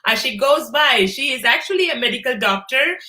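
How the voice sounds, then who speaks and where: A middle-aged woman hosts a live stream in a bright, forceful voice pitched a little high. She greets viewers by name, pausing often on "uh". The sound is roomy and echoey. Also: animated, a little hiss or hum. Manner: warm greetings with many "uh" fillers. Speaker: host of a live online broadcast. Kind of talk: casual live-stream hosting.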